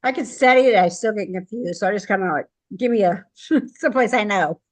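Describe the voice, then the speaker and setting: A woman's voice: medium pitch, a little fast. A woman in a casual group chat, responding and laughing easily.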